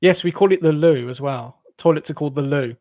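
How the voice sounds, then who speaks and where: A jovial English man hosts a casual late-night live stream, chatting loosely with his viewers. His voice sits a little on the high side for a man. The sound is close and dry, with no room around it. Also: fairly quick, warm tone, no room sound. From England. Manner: jovial, rambling, laughs often. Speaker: livestream host. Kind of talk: casual chat with live chat readers.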